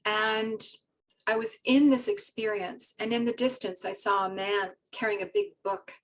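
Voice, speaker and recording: A woman telling a personal story in an animated, rambling way, laughing often and using many fillers. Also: medium pitch, moderate pace, distant mic, a little hiss or hum, poor audio. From Britain. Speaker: guest telling her spiritual story.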